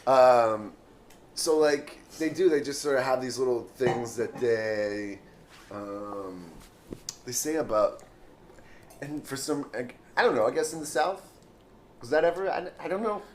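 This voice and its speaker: A man's voice: mid-range voice, measured pace, a little hiss or hum. Crude joking man, podcast co-host. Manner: joking, trailing off, laughing often. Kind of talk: crude casual banter.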